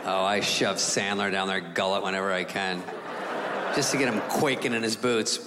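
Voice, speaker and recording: A man's voice: fairly low pitch, expressive, brisk. A man doing a stand-up comedy routine, telling a story with sarcastic asides and acting out the dialogue. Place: live theater stage before an audience. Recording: reverberant live hall with crowd noise. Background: audience laughter.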